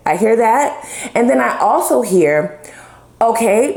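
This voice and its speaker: A woman's voice: fairly high pitch, expressive, slow, gravelly, long pauses, darkish tone. A woman giving a casual tarot love reading, chatty and blunt, with frequent swearing. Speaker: tarot reader. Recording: roomy echo.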